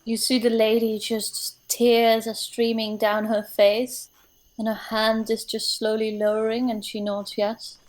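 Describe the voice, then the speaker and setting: A woman narrating a tabletop game as game master, describing scenes slowly with many hesitations. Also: fairly high pitch, monotone.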